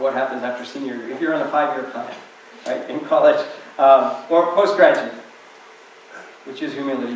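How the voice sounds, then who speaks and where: A guest speaker gives an inspirational talk to an audience, telling stories conversationally and wandering into many asides. His voice is on the high side. The recording carries a little hiss or hum, with a distant mic in a very echoey hall.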